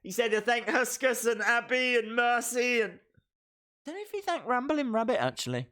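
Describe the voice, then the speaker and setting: A man talks casually into a desk mic on his live stream. His voice sits high and swings widely in pitch, with a bright, forceful edge. He sounds chatty and excitable, thinking out loud to his viewers. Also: normal speed. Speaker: live stream reaction host.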